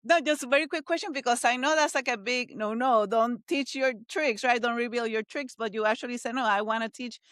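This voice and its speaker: A woman's voice: fairly high pitch, brisk, few pauses, a bit bright, no echo, clean studio sound. A woman co-hosting a podcast, eagerly asking her guest questions in casual chat. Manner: curious, asks questions eagerly. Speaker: podcast co-host.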